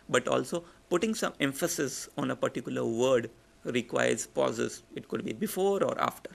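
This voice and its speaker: Gravelly Indian English man teaching. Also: medium pitch, a bit bright. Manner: explanatory, repeats example sentences with shifting emphasis. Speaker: public speaking instructor. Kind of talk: lecture.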